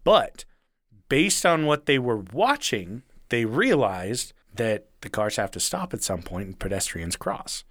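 A man's voice: medium pitch, very animated, unhurried, fairly bright tone, dry recording, studio quality. A man telling a rambling story in casual chat, chuckling now and then and swearing freely.

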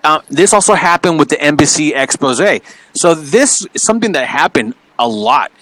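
A man with a bright, forceful, slightly high voice talks in casual chat, swearing and cutting in with emphatic comments as a story unfolds. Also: lively intonation, moderate pace, dry recording, low-quality recording. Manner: emphatic, profane, interjecting. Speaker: podcast co-host.

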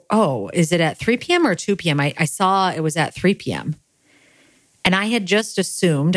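A woman's voice: low-pitched, clean tone, no echo. A young adult woman, grieving, telling a candid, self-deprecating personal story in a casual monologue and laughing at herself.

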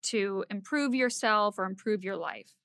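Bright-voiced woman podcast host. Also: mid-range voice, measured pace, clean tone, no room sound. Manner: laid-back, lots of likes and affirming yeahs. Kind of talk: casual chat.

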